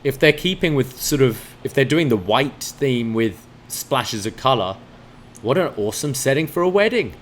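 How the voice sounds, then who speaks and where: A man's voice: medium pitch, animated, moderate pace, slight background noise. A man reviewing a wrestling show in casual podcast chat, giving enthusiastic analysis with frequent fillers.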